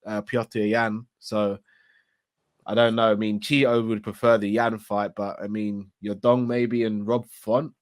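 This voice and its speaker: A man's voice: on the low side, little pitch movement, a little slow, no echo. A man co-hosting a sports podcast, frank and hesitant, often restarting his sentences. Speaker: podcast co-host. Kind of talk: casual MMA podcast chat.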